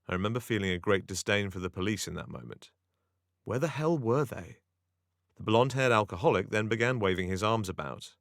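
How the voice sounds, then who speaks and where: A man from England narrates his own memoir essay as an audiobook, with a very low voice. His telling is wry and measured, with a dry, self-mocking edge. The recording is close and dry, with no room sound. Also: fairly bright tone, no room sound. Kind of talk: first-person audiobook narration.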